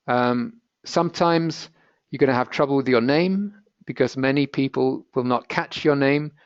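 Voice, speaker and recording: In a webinar Spanish lesson, a male teacher explains in a practical, chatty way, dropping in asides. His voice is medium-pitched and gravelly with no echo, though the audio quality is dull and lo-fi.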